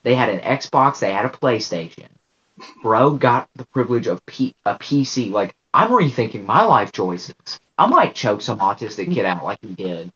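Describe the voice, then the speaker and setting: A man with a husky, slightly rough voice at an ordinary pitch, chatting casually with friends on a podcast. He is laid-back and makes deadpan jokes. The sound is muffled and lo-fi. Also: moderate pace. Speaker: podcast co-host. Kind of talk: casual chat. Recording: muffled lo-fi audio.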